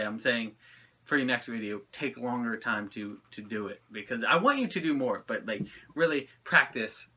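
A man's voice: medium pitch, bright, forceful tone. A man hosting a reaction video, giving rambling, friendly feedback with frequent laughs. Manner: rambling and friendly, often laughing between thoughts. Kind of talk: casual reaction commentary.

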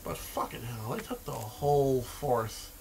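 Loud, profane man gaming. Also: medium pitch, a little slow, slight background noise. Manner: profane, excitable, shouting outbursts and repetitive rants. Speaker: gaming video host. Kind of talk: let's-play commentary.

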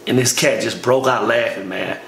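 With a creaky, medium-pitched voice at a moderate pace, a man casually recounts his army training in a long, slangy story. He repeatedly addresses the listener as "man," recorded in an echoey space with faint noise.

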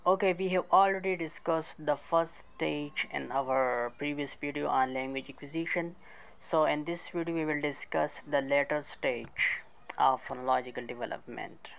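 A woman's voice: deep voice, creaky, rough recording. A woman teaching a recorded lesson, moving methodically from point to point and opening each one with "okay". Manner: reads out examples word by word. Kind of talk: recorded lecture.

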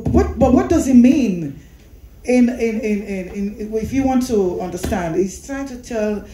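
A woman's voice: sits high, warm tone, roomy sound, rough recording. A woman leading a Sunday school class, explaining a Bible passage, repeating phrases and asking the class questions. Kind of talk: Bible teaching.

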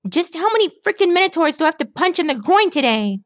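A cocky tomboy pegasus pony girl, voiced by a woman reader, pitched well above the narrator's voice. She talks loudly and scrappily, and the storybook reading is kept close and dry. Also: fairly even intonation, unhurried, dry recording. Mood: exasperated. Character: brash tomboyish young female pegasus pony.

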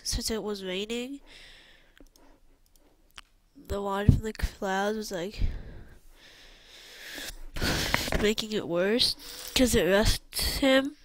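A woman's voice: mid-range voice, dry recording. A woman casually narrating an improvised story, rambling and mixing in her own sound effects.

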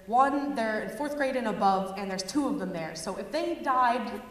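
A woman's voice: on the high side, lively intonation, moderate pace. A young woman performing a rambling, self-aware stand-up comedy set on a live stage. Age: young adult. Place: live stage before a laughing audience. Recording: echoey hall, far mic, crowd laughter, noise.

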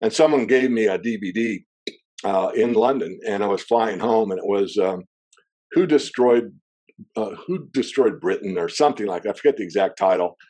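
A man as an interview guest, a metals analyst, explaining at length in a discursive way with frequent throat clearing. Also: lowish voice, normal speed, darkish tone. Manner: discursive, wanders into asides.

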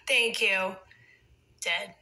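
Brash, bright-voiced woman. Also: medium pitch, low-quality recording. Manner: brash, swears freely, talks back to trolls. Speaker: reality TV personality on a phone livestream. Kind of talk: casual livestream chat with viewers.

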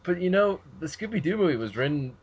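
A man's voice: sits high, sing-song, fast talker, lo-fi sound, background noise. A man hosting a podcast, rambling casually in a laid-back way. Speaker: podcast host. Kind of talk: casual chat.

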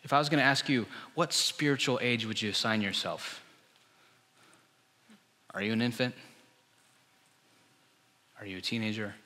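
A man's voice: on the low side, fairly even intonation, moderate pace, long pauses, bright, forceful tone. A male pastor giving a sermon in a conversational style, full of rhetorical questions. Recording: church hall with long reverb.

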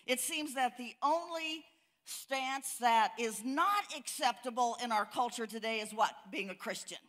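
A woman's voice: a little high, a little slow, a bit bright. An older woman preaching a sermon at a church conference, folksy and storytelling, building to fiery emphasis. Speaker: conference speaker.

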